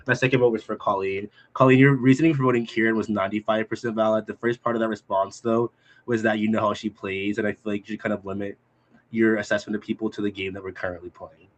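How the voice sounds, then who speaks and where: Brief: low, quick-talking man contestant, blunt and argumentative. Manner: direct, argumentative. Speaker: game contestant. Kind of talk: casual game talk.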